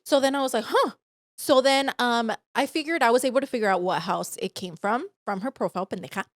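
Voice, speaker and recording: Dry, fast-telling young woman podcaster. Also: fairly high pitch, dry recording. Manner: animated storytelling, acting out quoted voices, lots of swearing. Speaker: podcast co-host. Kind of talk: casual chat. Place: podcast studio.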